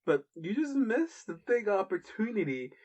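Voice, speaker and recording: A man's voice: sits high, very animated, darkish tone. A man co-hosting a podcast in casual chat, hesitant and stammering. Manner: hesitant, stammering, quick to laugh. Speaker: podcast co-host.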